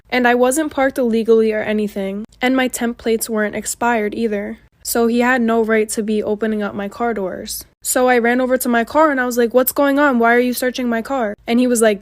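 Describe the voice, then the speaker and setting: Higher-voiced woman telling a story. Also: dry recording. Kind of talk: casual storytelling.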